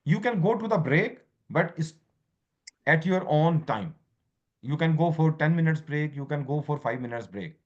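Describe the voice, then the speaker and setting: A man's voice: a little high, lively intonation, normal speed. A man teaching an online law exam class, quizzing students, repeating points and slipping into Hindi. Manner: switches between English and Hindi, quizzes students, repeats himself. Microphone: video call. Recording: muffled video call audio.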